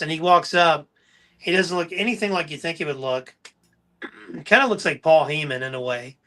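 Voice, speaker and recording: Bright-voiced enthusiastic male podcast host. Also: a little high, moderate pace. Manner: enthusiastic storyteller. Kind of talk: casual chat.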